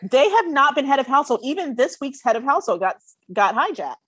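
A woman's voice: high voice, big pitch swings, fast talker, fairly bright tone, no echo. A woman chatting on a podcast panel, restarting her sentences as she searches for words. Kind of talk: casual podcast chat.

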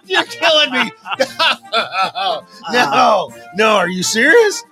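A man co-hosting a comedy talk show, loud and crude, joking and laughing through the banter. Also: sits high, sing-song, slow, music in the background. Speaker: co-host.

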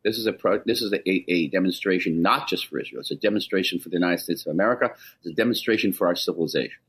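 Speaking very fast in a deep, husky voice with a touch of brightness, this ambassador is a guest on a radio interview. His delivery is urgent and insistent, full of emphasis and frequent restarts.

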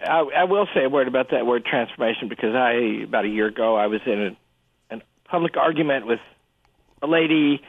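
A man speaking as a guest on a radio discussion, animated and prone to restarts as he tells stories and argues. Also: gravelly, dry recording. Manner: animated storyteller, lively pitch, frequent restarts. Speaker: guest commentator. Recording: phone-line quality, dry.

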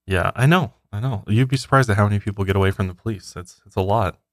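A man's voice: on the low side, fast, no room sound, studio quality. A man co-hosting a podcast, casually reading out odd news stories and laughing often. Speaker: podcast co-host.

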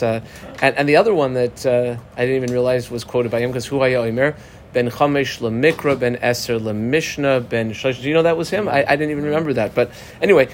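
A man's voice: mid-range voice, slight background noise. A man teaching a Talmud lesson in a casual, chatty way, explaining and translating terms with many fillers and restarts.

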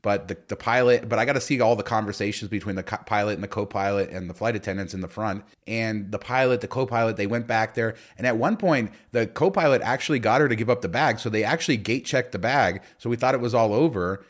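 A man with a lowish voice tells a long story in a relaxed podcast chat. He rambles, restarts and fills pauses with "uh" and "like" as he goes. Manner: rambling storyteller with many fillers. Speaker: podcast co-host. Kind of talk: casual chat.

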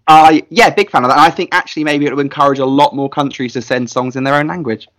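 A man co-hosting a podcast in casual chat, excitable and opinionated. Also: medium pitch, fast. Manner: excitable, opinionated, lots of fillers. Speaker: podcast co-host.

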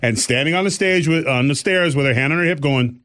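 Animated man telling a story. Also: a little high, brisk, no room sound, clean studio sound. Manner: animated storyteller acting out voices of others. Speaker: podcast co-host. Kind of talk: casual storytelling chat.

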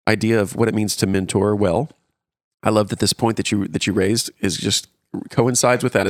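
A man's voice: fairly low pitch, no room sound, studio quality. A man co-hosting a podcast in a folksy way, explaining an idea with a homespun example. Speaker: podcast co-host and author. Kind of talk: casual conversation.

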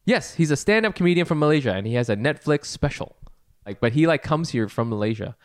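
A man's voice: on the high side, animated, quick pace, dry recording, studio quality. A man co-hosting a casual comedy podcast, rambling, laughing often, swearing and acting out what people said. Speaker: podcast co-host.

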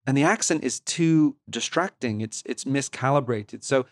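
A man's voice: mid-range voice, normal speed, no echo. A man co-hosting a film podcast, talking analytically with frequent restarts and fillers. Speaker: podcast co-host. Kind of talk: casual film-review chat.

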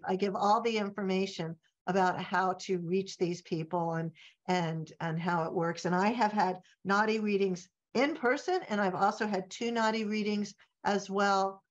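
Middle-aged woman author as interview guest, animated storyteller, slightly dull lo-fi audio. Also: mid-range voice. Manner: animated anecdote telling, acting out quoted voices.

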